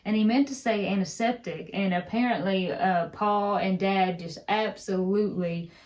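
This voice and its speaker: A young woman with an Appalachian mountain accent talks in a relaxed, conversational way. She tells family stories as a co-host, taking her time and sounding easygoing. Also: mid-range voice, normal speed. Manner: storytelling, relaxed and chatty. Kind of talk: casual chat.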